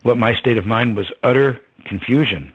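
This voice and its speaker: An older man with a husky voice, reflectively telling a story as an interview guest. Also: mid-range voice, normal speed. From United States. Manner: reflective, with many ums and soft laughs. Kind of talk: storytelling in conversation. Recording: dull lo-fi sound.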